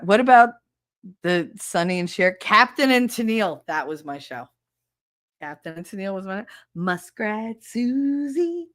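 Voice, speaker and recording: A middle-aged woman hosting a podcast in casual solo chat, rambling, nostalgic and self-mocking. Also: on the low side. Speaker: podcast host.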